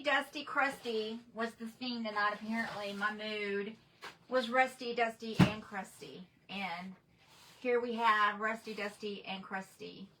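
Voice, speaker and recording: A woman's voice: mid-range voice, sharp tone, distant mic, a little hiss or hum, poor audio. A woman hosting a crafting livestream, chatting casually and reading viewer comments aloud in a rambling way. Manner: chatty, rambling, with frequent restarts and fillers.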